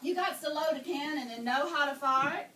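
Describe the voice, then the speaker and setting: A woman reading aloud and voicing a gruff, impatient male pirate captain with slow, emphatic pirate talk. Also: high voice, sharp tone. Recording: echoey room, far mic, noisy.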